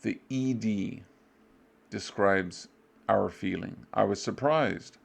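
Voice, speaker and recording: Slow, gravelly-voiced male English teacher. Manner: loose and offhand, fills gaps with "blah, blah"; acts out short student replies with jumps in pitch. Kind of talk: casual review lesson.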